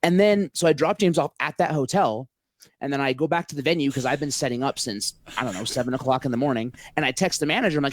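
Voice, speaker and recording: A man's voice: medium pitch, fast, dry recording. Rambling, swearing storyteller man. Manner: rambling storyteller, heavy filler words, swears freely. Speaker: podcast guest, local event organizer. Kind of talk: casual podcast chat.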